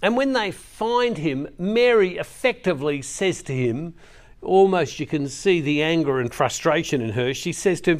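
A middle-aged man preaching, reading scripture and telling a family story with slow, emphatic pauses. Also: on the high side, animated. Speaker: Catholic preacher.

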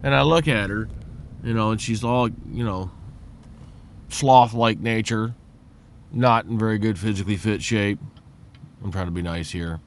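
A man's voice: measured pace, pauses often. A man giving a blunt, profane, rambling monologue while driving his car. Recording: car road noise behind. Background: road rumble.

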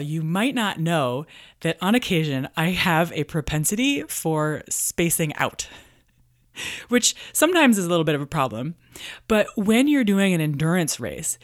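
A woman hosting a business podcast, telling a personal story in a lively way, acting out her own thoughts and chanting rhythmic counts. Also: sits low.

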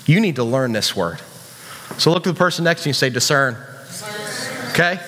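A man's voice: mid-range voice, animated, brisk, a bit bright, long reverb tail. A man preaching a casual sermon to young people, joking and asking the crowd questions. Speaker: youth pastor.

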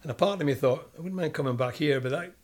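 A man's voice: on the high side, fast talker. Older Scottish man telling stories. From Scotland. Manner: animated storyteller, acts out quoted voices. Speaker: guest, former footballer. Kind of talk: storytelling interview.

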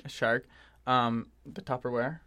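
A man co-hosting a podcast in casual chat, animated, swearing freely and laughing often. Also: mid-range voice, a little slow. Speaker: podcast co-host.

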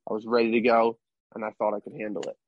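A young baseball player, a guest in a casual interview, rambles about his past in a low, monotone and fast voice, often tagging lines with "right?". The recording has no echo, but the highs are cut off.

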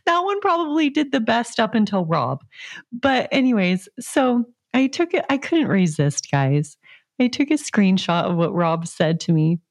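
Woman, 30s, fitness coach podcast host; laughing, playfully sarcastic storyteller; slow, relaxed delivery; dry, close mic. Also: fairly high pitch, no room sound. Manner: giggly, animated storytelling with frequent laughter. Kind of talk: casual solo podcast chat.

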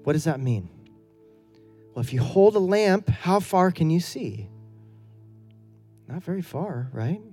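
A man's voice: fairly high pitch, expressive, a little slow, long pauses, warm tone, breathy edge, faint music behind. A middle-aged male pastor delivering an earnest, conversational sermon full of rhetorical questions.

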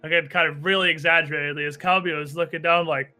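A man running a tabletop game, his voice fairly high and very bright and crisp. He narrates in an animated, descriptive way, with soft music faintly behind. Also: fast talker. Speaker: game master.

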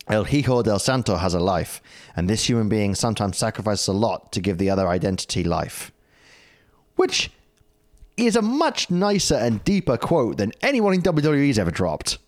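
A man's voice: medium pitch, darkish tone, dry recording, clean studio sound. A British man co-hosting a casual podcast chat, joking and reading quotes aloud. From Britain. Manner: jokey, laughing, reads quotes aloud. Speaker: podcast co-host.

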